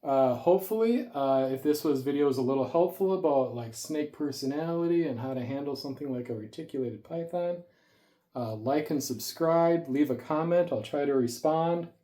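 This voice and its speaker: Speaking at a moderate pace with a warm, somewhat high voice, a man who keeps snakes rambles chattily through stories for his casual vlog. He's a bit breathless post-gym, and the indoor home recording comes from a camera on a tripod.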